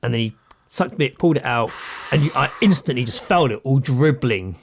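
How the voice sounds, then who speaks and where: With a gravelly, mid-range voice and a slightly fast pace, a man co-hosting a podcast tells a story in casual conversation. He animatedly voices other people's lines with lots of swearing, and there's slight background noise.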